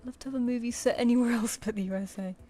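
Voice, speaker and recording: Speaking very fast in a mellow, slightly high voice with fairly even intonation, a female artist chats on a livestream from her home room as she draws. She rambles along, muttering to herself between thoughts.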